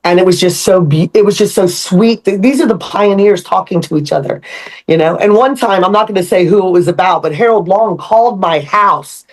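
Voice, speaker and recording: An older woman, a karate instructor on a podcast, telling stories in a lively, laughing way. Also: mid-range voice, fairly quick. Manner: animated storyteller, laughs often. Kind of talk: casual chat.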